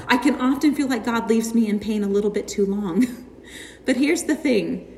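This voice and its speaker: A woman's voice: a little high, slight background noise. A young adult woman preaching, earnest and heartfelt, sometimes slipping into casual asides. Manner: earnest, heartfelt, warmly conversational. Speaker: speaker teaching on suffering. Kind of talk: sermon. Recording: echoey hall with long reverb.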